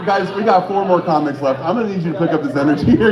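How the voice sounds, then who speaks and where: A man's voice: a little high, racing, few pauses. A man hosting a comedy open mic, hyping the audience and bantering between comics. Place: small bar comedy venue. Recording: echoey lo-fi room with crowd noise. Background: audience laughing and chatter.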